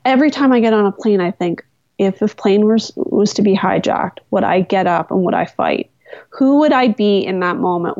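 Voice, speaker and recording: Gravelly-voiced woman telling an animated story. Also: medium pitch, dry recording. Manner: animated, incredulous storyteller with laughs. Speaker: podcast guest. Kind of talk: casual interview storytelling. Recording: dull, dry close-mic sound.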